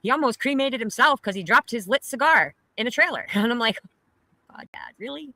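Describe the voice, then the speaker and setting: A middle-aged woman from Pennsylvania talks in a loose, rambling way, swearing bluntly as she tells her story. Her voice is bright and forward, and the recording is close and dry, with no room sound. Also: fairly high pitch, animated, fairly quick, no echo. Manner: rambling, profane, blunt storytelling with frequent laughs. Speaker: caller telling a personal story. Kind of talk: casual chat.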